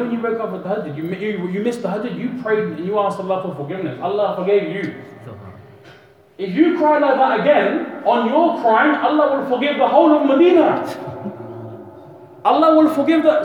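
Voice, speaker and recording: Guy preaching, high voice, lots of long echo, faint room hum. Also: animated, fairly quick, muffled recording. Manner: impassioned, rising and falling, acts out voices in his stories. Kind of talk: sermon. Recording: echoey hall, distant mic.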